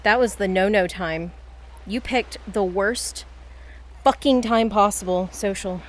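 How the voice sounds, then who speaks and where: A woman's voice: medium pitch, unhurried, slight background noise. A woman streamer talking casually to her chat, exasperated and cursing freely. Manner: exasperated, swearing, talks to chat.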